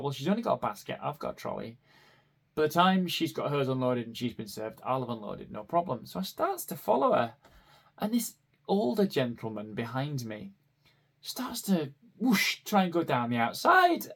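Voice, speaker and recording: A man's voice: medium pitch, gravelly. A man, hosting a podcast and telling personal stories in a rambling way with self-deprecating asides. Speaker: podcast host. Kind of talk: casual personal storytelling.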